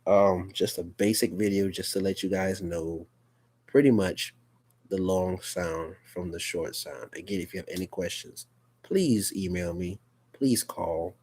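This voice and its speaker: Male teacher, very low voice, patient and repetitive, casual live phonics class. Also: a little mellow, slightly rough. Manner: patient, repetitive, checks in with "okay?".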